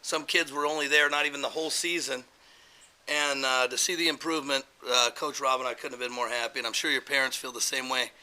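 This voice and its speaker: A man's voice: medium pitch, fairly even intonation, quick pace, pushed and bright, low-quality recording. A man speaking as an assistant coach at a banquet, praising the players and repeating words in his enthusiasm. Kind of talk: banquet speech.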